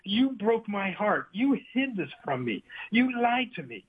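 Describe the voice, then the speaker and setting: A woman's voice: mid-range voice, sing-song, unhurried, slightly rough, voice pushed up, heavily acted. A man voicing a hurt young woman who pleads with her boyfriend over a phone line. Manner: pleading, wounded.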